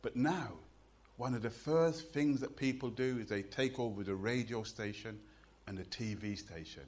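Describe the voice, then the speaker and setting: A middle-aged man with a Birmingham Jamaican accent, telling jokes and stories and reciting poetry on stage in an animated, rhythmic way. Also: medium pitch, moderate pace. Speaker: poet and performer. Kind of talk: live storytelling and poetry performance.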